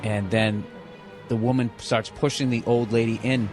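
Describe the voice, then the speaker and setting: Male streamer, mid-pitched, rambling and profane storyteller, game music behind him. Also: level tone, moderate pace. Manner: rambling, profane, laughs at himself. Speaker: gaming streamer. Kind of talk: casual storytelling while gaming.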